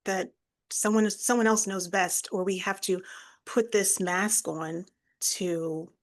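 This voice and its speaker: A woman co-hosting a podcast, speaking in a measured, reflective way with frequent ums. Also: mid-range voice, fairly even intonation. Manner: measured, thoughtful, fillers like um. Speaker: podcast co-host. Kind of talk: reflective conversation.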